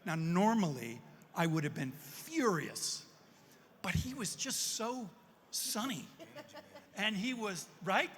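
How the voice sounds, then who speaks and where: Bright, high-voiced man in a reverberant hall. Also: slow pace, long pauses, husky. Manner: lively, self-amused storyteller. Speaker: panelist. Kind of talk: storytelling on a panel.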